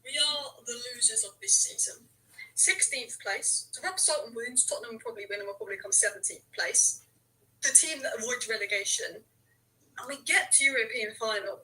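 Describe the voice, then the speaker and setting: Woman fan vlogger, high bright voice, bitter and emphatic. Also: expressive, brisk, low-quality recording. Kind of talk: fan commentary to camera.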